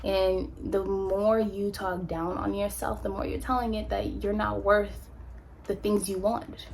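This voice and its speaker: A woman from California telling her own story in a candid, animated, slangy way, as a motivational vlogger on a close mic. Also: medium pitch, measured pace, vocal fry, slight background noise. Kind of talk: personal storytelling, motivational talk.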